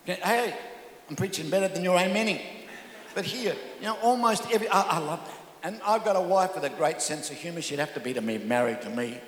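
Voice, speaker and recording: A man's voice: high-pitched, expressive, fast. An older man preaching a humorous sermon as pastor, telling jokey stories with stammering restarts. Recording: echoey hall.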